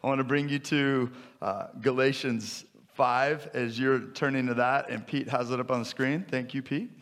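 A man's voice: mid-range voice, steady tone, normal speed, a bit bright. A man in his fifties preaching a sermon in a conversational, joking way that builds to emphatic repetition. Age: 50s. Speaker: pastor.

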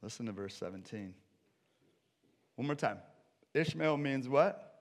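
A male pastor preaching a sermon with animated storytelling, acting out scripture characters. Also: medium pitch, unhurried.

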